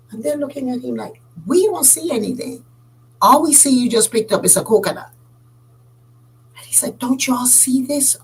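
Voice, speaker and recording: A woman telling a folk tale aloud, acting out the characters' lines with big jumps in pitch. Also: husky, low-quality recording. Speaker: storyteller. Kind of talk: oral storytelling.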